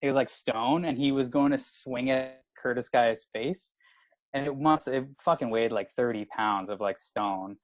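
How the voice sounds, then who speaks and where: Unhurried and medium-pitched, a man in his thirties from Canada appears as a comedian guest on a casual podcast. He tells a rowdy story animatedly, swearing and leaning on "like" constantly, with no room sound but poor audio.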